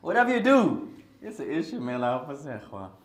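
Male teacher, fairly high voice, very animated, switches languages, jokes with the class, roomy echo. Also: fast talker. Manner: switches between English and Arabic, jokes with students. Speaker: Islamic studies teacher. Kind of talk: classroom lesson with humorous asides. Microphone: podcast recording of a class.

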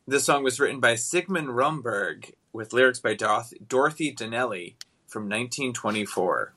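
A man co-hosting a casual podcast, talking in a rambling, animated way. His voice has a bright, forward tone. He often breaks into laughter as he recaps. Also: medium pitch, normal speed, slightly rough. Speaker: podcast co-host. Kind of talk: casual chat recapping a TV episode.

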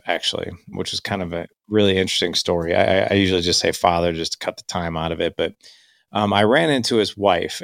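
A man's voice: deep voice, gravelly, clean tone, no room sound, studio quality. A man, candidly telling his life story in a reflective way. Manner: candid, reflective, quotes himself and others. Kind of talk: personal storytelling.

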